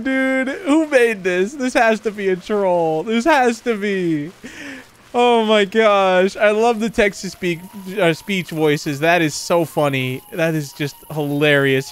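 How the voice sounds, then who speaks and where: A man's voice: high voice, takes it slowly, clean tone. A man giving chatty let's-play commentary on a horror game, laughing often and yelping when startled. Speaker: gaming YouTuber.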